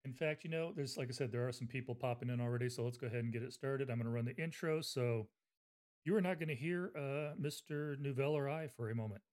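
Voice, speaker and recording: A man's voice: medium pitch, fast, a little mellow. A man hosting a casual livestream book interview, chatty and rambling with fillers. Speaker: interview host.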